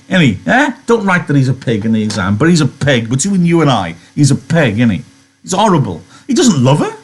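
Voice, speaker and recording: A man's voice: on the high side, huge pitch swings, brisk, breathy edge. A male English teacher reading a novel aloud to his class and talking it through, with a chatty manner and lots of rhetorical questions.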